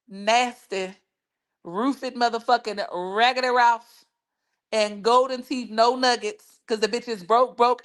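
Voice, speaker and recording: A woman's voice: on the high side, fairly bright tone. A woman hosting a livestream, gossiping in a brash, profane, laughing way. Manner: brash, profane, laughing, lots of "child" and "baby". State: injured foot. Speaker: livestream host. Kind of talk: casual gossip chat.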